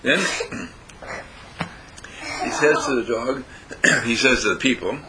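A man telling a story in an animated way, acting out the quotes and drawing a lesson from it. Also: medium pitch, takes it slowly, pauses often, noisy background. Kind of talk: storytelling talk with moral.

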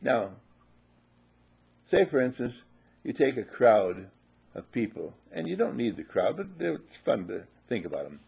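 An older man giving a sermon as a spiritual teacher, emphatic and animated, repeating his phrases and sometimes shouting. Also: mid-range voice, measured pace, vocal fry, long pauses, slightly rough.

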